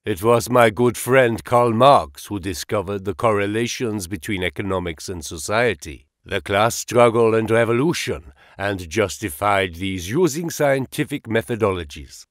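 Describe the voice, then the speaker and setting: A man voicing an elderly German gentleman who speaks earnest, humble English with a German accent in a low, grave tone. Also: normal speed, hardly any pauses, no echo, studio quality, natural voice. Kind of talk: audiobook character voice.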